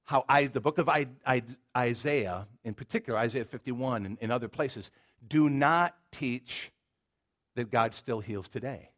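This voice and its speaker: Speaking at a measured pace in a medium-pitched voice, a middle-aged man preaches as a pastor. He tells his stories with animation, building each point by repeating words.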